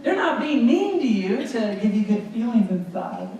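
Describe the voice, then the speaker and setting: A motivational speaker in a school assembly, talking energetically and prompting the children to repeat words back to him. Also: male voice, very high voice, normal speed, far from the mic, highs cut off. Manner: energetic, call-and-response with children. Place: school gym or hall. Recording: echoey hall recorded from afar, noisy. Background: children in audience.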